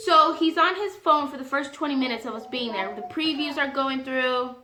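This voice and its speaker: A young woman telling a story to her viewers in a casual vlog, animated and indignant, acting out both sides of a conversation. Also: high-pitched, moderate pace, few pauses, echoey room. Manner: animated, indignant retelling with quoted dialogue.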